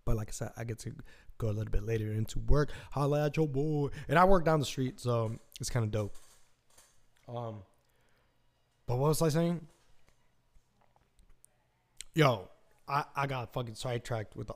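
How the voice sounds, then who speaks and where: A man's voice: mid-range voice, normal speed, long pauses. A man hosting a podcast in a casual, rambling monologue, swearing freely and scattering fillers as he talks. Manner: rambling and profane, full of fillers. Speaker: podcast host.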